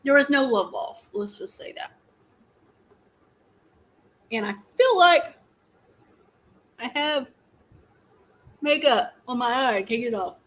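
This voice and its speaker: A woman's voice: high-pitched, lively intonation, slow, pauses often, fairly bright tone, rough recording. A middle-aged woman, hosting a casual live stream and telling rambling stories with frequent laughs. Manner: chatty, rambling storyteller, laughs often.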